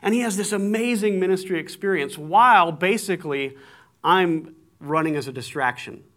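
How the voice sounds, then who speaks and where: A man preaching a sermon, telling stories with animated swings in voice. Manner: animated storytelling, acts out shouting with big jumps in pitch. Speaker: pastor.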